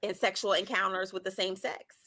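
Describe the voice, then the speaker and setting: A woman co-hosts a casual talk show, giving her opinions in a chatty, lively flow full of fillers. Her voice is bright and clear at a mid pitch. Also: a little fast.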